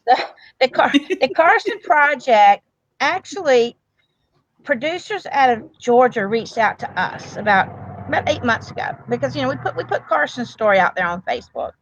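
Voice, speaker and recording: Casting: earnest, rambling woman guest, mid pitch, dry and slightly dull sound. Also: animated, moderate pace, no echo. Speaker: grandmother and medical provider, guest. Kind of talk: emotional casual interview talk.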